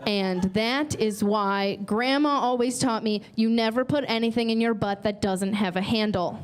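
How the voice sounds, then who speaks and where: Brash high-voiced woman doing stand-up. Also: moderate pace, clean tone. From North Carolina. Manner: brash, bawdy punchlines. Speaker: stand-up comedian and host. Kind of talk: stand-up comedy set. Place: comedy stage with live audience.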